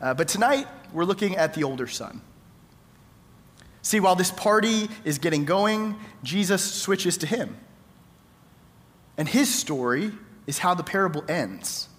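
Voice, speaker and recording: Male pastor, conversational sermon storyteller, slightly high voice, long hall reverb. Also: lively intonation, a little slow, long pauses, fairly bright tone. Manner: conversational storytelling preacher, acts out quoted lines.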